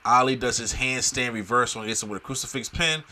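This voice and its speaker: A man's voice: medium pitch, fast, bright, forceful tone, slight background noise. A man co-hosting a casual wrestling review podcast, recapping the show and laughing often. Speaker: podcast co-host.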